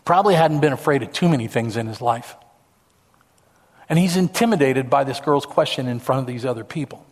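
A man's voice: medium pitch, expressive, brisk. A male pastor preaching a sermon from a church stage, storytelling in an emphatic way with repetitions.

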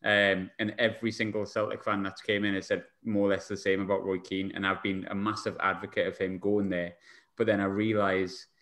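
Chatty podcast host, low voice. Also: male voice, level tone, fairly quick, fairly bright tone. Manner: chatty, laughing asides, rambling. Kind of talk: casual chat.

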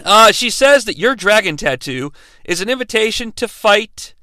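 Young man, comedic movie recap, sarcastic, profane, bright tense tone, dry close mic. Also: high-pitched, lively intonation, normal speed, no echo. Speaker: movie reviewer, host.

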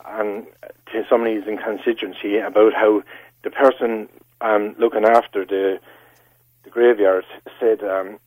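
An Irish man calling a radio phone-in, speaking haltingly with many restarts. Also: fairly low pitch, fairly even intonation, a little mellow, no room sound, rough recording. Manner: halting, stumbles and restarts often. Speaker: caller. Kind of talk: phone-in call.

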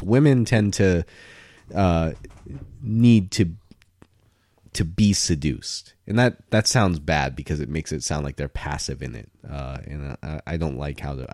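Deep-voiced man rambling in casual chat. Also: a little slow, no echo. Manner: rambling, self-correcting, animated.

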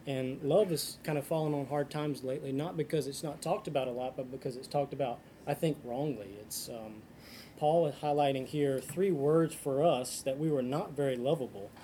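A man's voice: medium pitch, moderate pace, dark tone, slight background noise. A man leading a casual Bible study discussion. He talks earnestly, thinks aloud with frequent ums and restarts, and reads scripture passages aloud.

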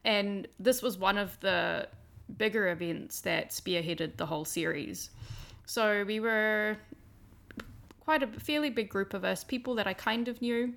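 A woman's voice: mid-range voice, unhurried, creaky, a bit bright. A woman with a New Zealand accent, hosting a casual conversation in a reflective, earnest way.

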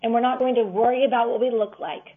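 A woman's voice: on the high side, fairly even intonation, fast talker. A young woman as a guest, speaking sincerely and encouragingly from her faith. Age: young adult. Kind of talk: casual interview talk. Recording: tinny phone line.

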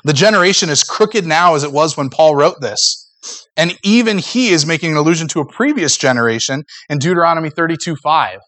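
A man's voice: on the high side, fairly quick, fairly bright tone, no echo. A man preaching a sermon in an earnest, conversational way, acting out little asides as he goes. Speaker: pastor.

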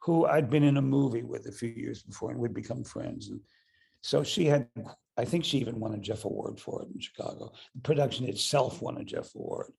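An older man with a deeply raspy, gravel-filled voice, mellow and dark in tone. He tells a story from his acting career in an interview, stumbling through fillers and restarts as he goes. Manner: halting, with many fillers and restarts. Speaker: actor and director.

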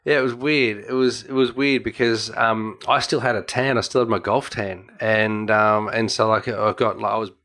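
A man's voice: lowish voice, fairly even intonation, normal speed, hardly any pauses, a bit bright. A man with an Australian accent, co-hosting a casual chat and telling a long travel story with lots of restarts and laughter. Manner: rambling storyteller, many restarts, laughs often.

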